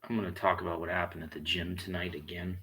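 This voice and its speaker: A man's voice: low-pitched, level tone, quick pace, fairly bright tone, slight background noise, poor audio. A man delivering a blunt, heated monologue full of swearing. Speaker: vlogger. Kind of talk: profane monologue rant.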